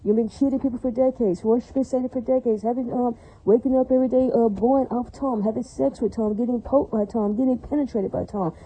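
A woman's voice: on the high side, dark tone, slightly rough, muffled recording. A woman addressing her viewers in a long, angry, rambling rant, repeating herself and often asking if it makes sense. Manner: ranting, repetitive, keeps asking "does that make sense". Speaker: vlogger.

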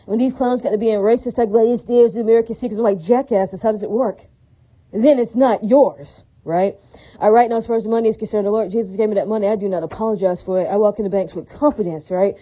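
A woman's voice: medium pitch, fast talker, dark tone, slightly rough, poor audio. A woman in a rambling casual monologue, preachy and full of religious phrases, often asking "does that make sense".

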